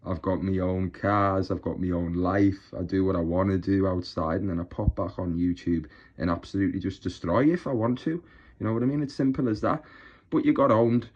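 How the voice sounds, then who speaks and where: A man's voice: sits low, fairly even intonation, moderate pace, a little mellow, muffled recording. A man on a YouTube channel delivering a mocking, boastful rant straight to his rivals. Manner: taunting, boastful, scornful.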